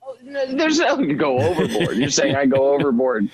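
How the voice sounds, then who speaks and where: Radio guest guy, kinda high voice, animated, jumpy mock-offended banter. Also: normal speed, husky. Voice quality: higher voice he calls bad for radio. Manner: animated, mock-indignant, voice jumps up when excited.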